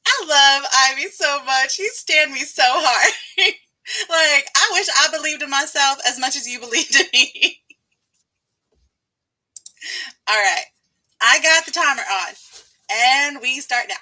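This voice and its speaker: A woman's voice: high voice, a little slow, pauses often, bright, forceful tone. A woman in her thirties from Texas with a Texan accent, chatting casually and laughing often as she hosts a live writing stream. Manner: giggly, chatty, frequent laughter. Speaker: livestream host.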